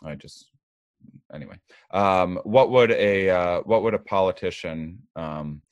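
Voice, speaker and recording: Deep-voiced halting man hosting a podcast. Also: no echo, highs cut off. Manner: halting, stumbling over his question. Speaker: podcast host. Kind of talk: conversational podcast interview.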